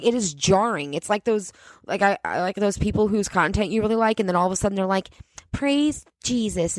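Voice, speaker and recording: A woman's voice: medium pitch, no echo. Sarcastic, profane woman ranting, dry sound. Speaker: podcast host. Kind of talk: ranting solo podcast.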